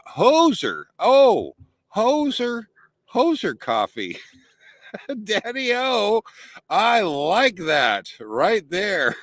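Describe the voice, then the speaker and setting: A man's voice: fairly low pitch, fairly bright tone, no echo. A man hosting a casual livestream, rambling and chuckling as he chats with viewers. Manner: rambling, chuckling, restarts often. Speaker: livestream host. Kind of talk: casual live chat with viewers. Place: outdoors at a desert campsite.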